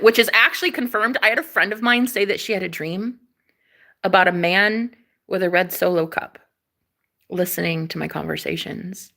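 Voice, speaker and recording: A creaky, medium-pitched voice at normal speed carries a young woman's personal story, told in a casual, chatty, animated style. She swears freely and voices the other people's lines herself.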